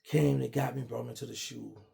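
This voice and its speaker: A middle-aged man casually telling a long personal story, animated and acting out what others said. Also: mid-range voice, moderate pace, vocal fry. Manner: animated, acts out quoted dialogue. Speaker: guest storyteller.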